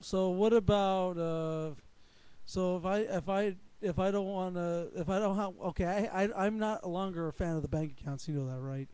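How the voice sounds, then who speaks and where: A man co-hosting a casual talk show, speaking haltingly with many false starts and questions. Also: high-pitched, a little mellow, clear, resonant tone, dry recording. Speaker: co-host.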